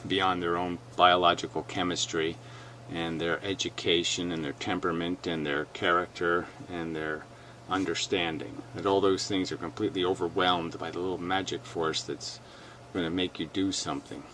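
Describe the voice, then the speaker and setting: A man's voice: sits low, level tone, moderate pace, few pauses, bright, forceful tone, a little hiss or hum. A man hosting a video reaction, talking bluntly and emphatically as he argues his point. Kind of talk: argumentative commentary.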